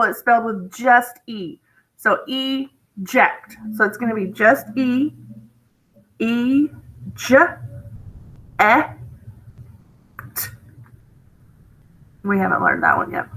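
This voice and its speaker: A woman teacher giving a spelling lesson to young students, drawing out each word slowly and patiently. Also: fairly high pitch, expressive, fairly bright tone, low-quality recording.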